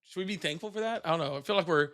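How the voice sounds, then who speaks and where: A man's voice: on the high side, rapid-fire, a bit bright. A man hosting a live call-in stream, joking and laughing often, chatting casually with callers. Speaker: livestream host.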